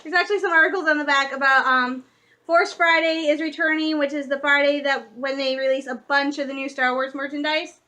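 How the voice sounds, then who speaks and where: A young woman from Michigan talks straight to camera in a casual vlog, her voice high and bright. She gushes like an eager fan, tumbling through fillers and restarts. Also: fairly quick. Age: young adult. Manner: excitable, gushing fan talk with many fillers. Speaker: vlogger.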